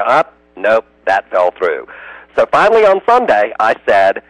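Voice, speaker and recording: A man's voice: on the low side, sing-song, normal speed, dry recording, rough recording. An American man, a radio interview guest, telling emotional stories and slipping into other people's voices. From United States.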